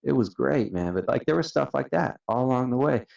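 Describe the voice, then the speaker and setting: A man's voice: mid-range voice, expressive, fairly quick, creaky, a little mellow. A man being interviewed on a podcast as a company founder, telling stories in a laid-back, casual way and saying "man" and "dude" a lot. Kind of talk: casual storytelling. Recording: distant, dull-sounding mic.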